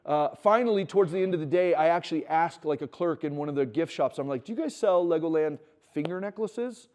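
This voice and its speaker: A man's voice: fairly high pitch, fairly quick. A middle-aged man giving a conversational sermon to students, telling stories and acting out quoted dialogue. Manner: conversational, acts out quoted dialogue, builds to animated emphasis. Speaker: speaker at a Christian wilderness school. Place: teaching room with students.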